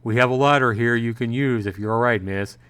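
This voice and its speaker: A man's voice: medium pitch, brisk, fairly bright tone, smooth, no echo, lightly acted. A man voicing an older male rescuer who speaks in a polite, reassuring way. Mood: relieved, polite.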